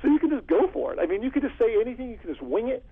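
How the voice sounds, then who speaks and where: Man, security consultant, husky voice, quick delivery, animated storytelling, phone-like lo-fi sound. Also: very high voice. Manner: animated, acts out phone calls. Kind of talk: storytelling interview answer. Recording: phone-like lo-fi audio.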